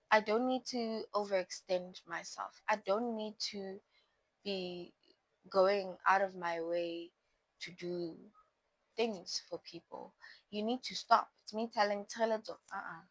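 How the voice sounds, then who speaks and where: A woman's voice: medium pitch, a bit bright, no echo, rough recording. A young woman talks casually to her viewers, chatty and playful, often talking straight to them. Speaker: vlogger. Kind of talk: casual talk to camera about boundaries.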